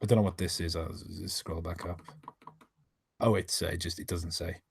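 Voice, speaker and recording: A man's voice: low-pitched, steady tone, moderate pace, a little hiss or hum. Sweary, exasperated man on a live stream. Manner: thanks viewers for donations between remarks. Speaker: streamer reading and commenting live. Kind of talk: live reading commentary.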